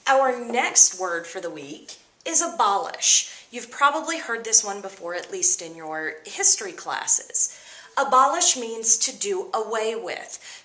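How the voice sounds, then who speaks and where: A woman teacher explaining vocabulary words to her students in an upbeat, expressive way. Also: mid-range voice, roomy sound. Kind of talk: vocabulary lesson.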